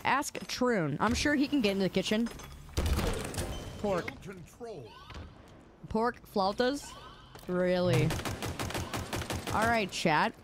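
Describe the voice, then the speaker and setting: A woman streams a game and chats casually with her viewers, playful and teasing, repeating words in sing-song bursts. Her medium-pitched voice is slow, with lively intonation and long pauses, over background noise.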